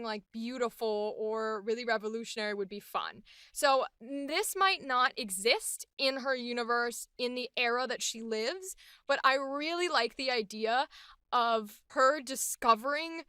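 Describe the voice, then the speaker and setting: A woman's voice: on the high side, pushed and bright, clear, resonant tone, dry recording, clean studio sound. A woman voice actor hosting a show, talking through her choices in a chatty, enthusiastic way as she demonstrates character voices. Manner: chatty and enthusiastic, thinking aloud. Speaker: voice actor and host. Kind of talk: voice acting demonstration.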